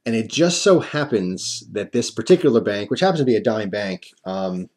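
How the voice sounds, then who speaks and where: A man's voice: on the low side, expressive, moderate pace, a little mellow. A man telling a casual storytime to camera, rambling with lots of fillers and wry self-mocking humor. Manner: rambling, chatty, many fillers and restarts. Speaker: coin-collecting vlogger.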